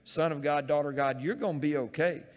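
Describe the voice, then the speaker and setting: A man preaching a sermon, acting out Bible scenes in voices and swinging from loud calls to hushed, close words. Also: on the high side, steady tone, quick pace, long reverb tail. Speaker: pastor.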